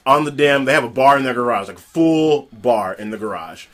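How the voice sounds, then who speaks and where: A man's voice: mid-range voice, animated, brisk, a bit bright. A man telling a story in a casual podcast chat, laid-back and laughing as he talks.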